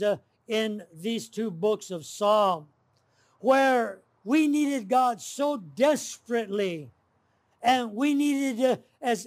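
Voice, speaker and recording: A man preaching an evening sermon, earnest and deliberate, with frequent "uh" fillers as he works through the text. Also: very high-pitched. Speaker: pastor.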